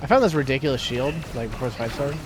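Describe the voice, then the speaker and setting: A man's voice: mid-range voice, expressive, quick pace, music in the background. A man giving casual, joking commentary while playing a video game with a friend, rambling with many fillers. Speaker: let's play co-host.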